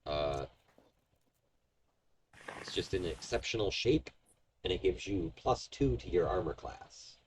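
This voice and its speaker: A man's voice: deep voice, animated, slow pace, long pauses, a little hiss or hum. A man narrating as game master in a tabletop game, rambling with many ums and restarts.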